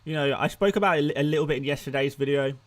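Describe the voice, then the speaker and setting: A man's voice: fairly high pitch, racing. A man hosting a casual live stream, thinking aloud and restarting his sentences now and then. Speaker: fantasy football streamer.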